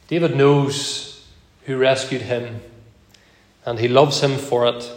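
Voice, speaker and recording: A man preaching an evening sermon in a measured, earnest way, slowing down to read verses aloud, with an occasional cough. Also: medium pitch, roomy sound. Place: church.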